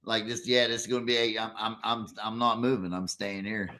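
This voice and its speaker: A man hosting a casual chat, telling stories in an animated, profane way. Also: fairly low pitch, a little fast.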